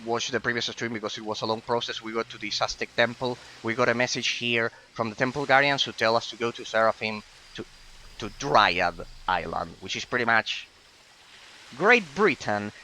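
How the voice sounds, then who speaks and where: A man's voice: mid-range voice, normal speed, bright, forceful tone, slight background noise, low-quality recording. A man, from Italy, giving analytical let's-play commentary as a gaming streamer, musing aloud with plenty of fillers.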